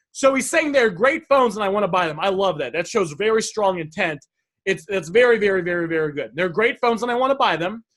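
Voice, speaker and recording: A man's voice: sits high, fairly bright tone. A man coaching viewers on sales messages, enthusiastic and repetitive, often addressing them as guys.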